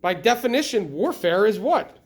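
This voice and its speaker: A middle-aged man teaching a history lesson in a classroom, lively and constantly checking in with the students by asking questions. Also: high-pitched, moderate pace. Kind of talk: classroom lecture.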